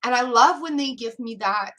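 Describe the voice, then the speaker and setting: A woman's voice: a little high, moderate pace, sharp tone. A woman giving a live tarot reading, chatting casually and laughing often. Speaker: tarot reader.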